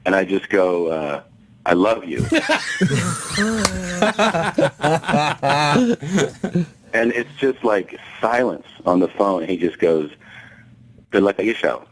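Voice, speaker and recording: A man with a low voice tells a story as a guest comedian, and his pitch swings widely as he acts out each line of dialogue. He is animated and swears freely, laughing as he goes. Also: a little hiss or hum, rough recording. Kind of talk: storytelling anecdote on a talk show.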